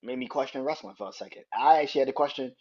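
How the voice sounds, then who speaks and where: A man's voice: mid-range voice, rapid-fire, darkish tone, husky, dull audio. A man in his thirties hosting a podcast, ranting heatedly about wrestling with lots of profanity. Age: 30s. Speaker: podcast host. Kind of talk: casual wrestling rant.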